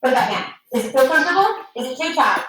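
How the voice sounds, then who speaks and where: A woman teacher giving a phonics lesson to young children, slow and patient, drawing out her words. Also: sits high, big pitch swings, fairly bright tone. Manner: patient, sing-song, slowly drawn-out words. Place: classroom with children. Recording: echoey classroom.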